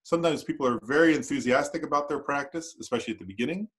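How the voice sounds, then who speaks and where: A man's voice: on the high side, very fast, fairly bright tone. A man teaching a Buddhist class at a meditation center in a conversational way, often checking in with "right?". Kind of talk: dharma class lecture.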